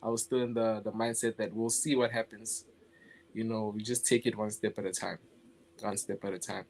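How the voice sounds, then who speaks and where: Speaking on the low side at a moderate pace, a young animator from South Africa is the guest in a casual interview. He talks easily, laughing often and frequently beginning phrases again.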